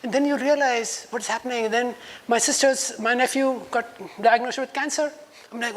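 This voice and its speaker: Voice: mid-range voice, fairly even intonation, fairly quick, fairly bright tone. A speaker in their fifties from India with an Indian English accent, giving a personal conference talk and acting out quoted dialogue in a raised voice between reflective stretches.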